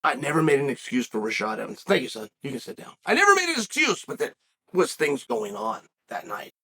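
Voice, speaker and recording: A man's voice: a little high, very animated, brisk, pushed and bright, breathy edge. A man hosting a fight-sports commentary show, telling stories in a rambling, emphatic way and breaking off to direct his son off camera. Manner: emphatic, repeats phrases for effect. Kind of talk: casual commentary and storytelling.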